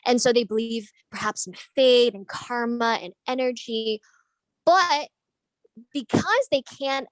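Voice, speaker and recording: In an online group discussion, an audience member earnestly poses a long question, thinking aloud and restarting as she hunts for words. Her voice sits on the high side and her pace is slow, in a low-quality recording with no room sound.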